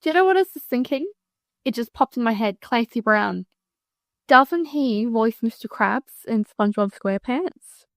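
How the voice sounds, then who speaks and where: Female podcast co-host with a higher-pitched, reactive, incredulous manner and a dry sound. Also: lively intonation, moderate pace, no echo. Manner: reactive, incredulous, laughing asides. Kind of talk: casual film-review chat.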